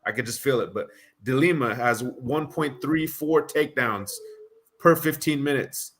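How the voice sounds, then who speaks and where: A man co-hosts a fight prediction live stream, casually reading off fighter stats and weighing up his pick in an analytical way. His medium-pitched voice is a little slow and slightly bright, with a faint hiss or hum in the background.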